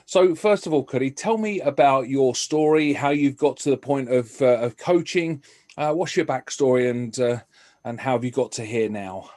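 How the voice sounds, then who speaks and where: A man hosting a podcast, relaxed and friendly, opening with a few hesitant fillers. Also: medium pitch, moderate pace. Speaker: podcast host. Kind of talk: casual interview chat.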